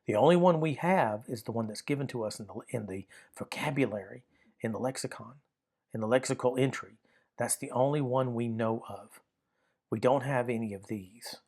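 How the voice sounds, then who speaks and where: A man's voice: medium pitch, normal speed, darkish tone. Male teacher, mid-range voice, patient, methodical classroom explainer. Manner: patient, methodical, repeats key points. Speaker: Greek grammar teacher.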